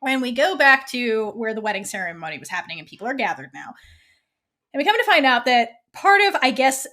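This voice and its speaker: A woman co-hosting a podcast, giving a casual and animated recap of a TV episode. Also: on the high side, fairly quick. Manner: animated retelling, slips into quoted voices. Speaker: podcast co-host.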